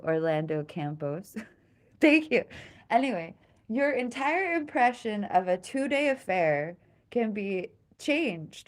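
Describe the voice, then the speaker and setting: A young woman streaming live, chatting casually with viewers. She rambles, laughs at herself often and stops to thank people for gifts. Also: medium pitch. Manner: giggly, self-mocking, rambling.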